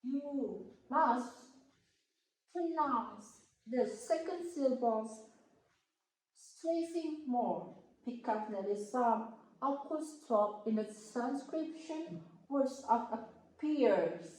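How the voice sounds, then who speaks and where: Slow, halting woman in an echoey room. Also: high-pitched, animated, a little mellow. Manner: slow, halting, careful over each word. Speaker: student presenter. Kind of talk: classroom explanation.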